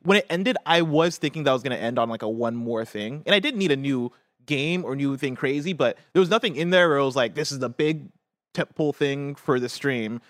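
A man's voice: mid-range voice, a bit bright, no echo. A young adult man co-hosting a video game news show in casual chat, rambling and often adding "right?" and "like". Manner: fast and rambling, lots of "right?" and "like".

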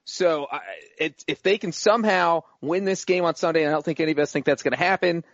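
A man co-hosting a sports betting chat, laying out his reasoning in a measured way. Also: a little high, no echo, highs cut off. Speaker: podcast co-host.

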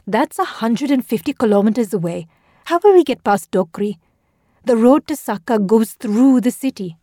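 A woman reading the lines of a level-headed, steely woman professor in an audio drama, speaking calmly and deliberately. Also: a little high, no room sound, studio quality, voice pushed up. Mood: pressing. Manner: calm, deliberate.

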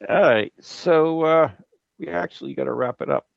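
A man's voice: fairly high pitch, gravelly, no echo, lo-fi sound. A man co-hosting a casual podcast who reads out listener questions, jokes a lot and fills his talk with uhs. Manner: jokey, halting with many fillers. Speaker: co-host asking listener questions.

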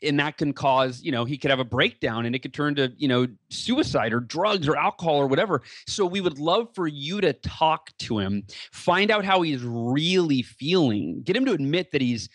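A man's voice: on the high side, normal speed, hardly any pauses, dry recording. Earnest man telling a personal story. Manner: earnest, animated storytelling with many fillers. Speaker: guest speaker. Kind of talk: storytelling in a podcast interview.

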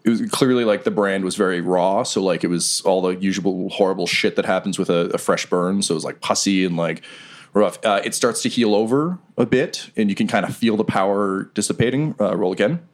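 A man with a lowish voice narrates a tabletop fantasy game as its game master. He rambles in a relaxed, easygoing way, full of small fillers. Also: brisk.

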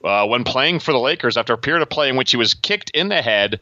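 A man's voice: mid-range voice, expressive, fast talker, bright, forceful tone, no room sound. A man co-hosting a casual sports podcast, joking at his own expense. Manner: self-mocking, jokey. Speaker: podcast co-host. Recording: dull lo-fi mic.

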